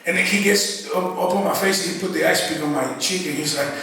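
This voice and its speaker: A man's voice: high voice, quick pace, heavy background noise. A man giving a church testimony as a guest speaker, telling his story casually and voicing his own past thoughts as quotes. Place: church sanctuary. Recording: echoey church hall, distant mic. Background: faint congregation calling out responses.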